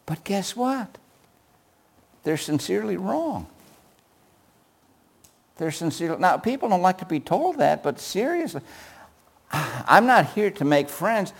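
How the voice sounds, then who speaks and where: An older preacher with a high, gravelly voice asks rhetorical questions throughout his sermon, alternating loud stresses with quiet asides.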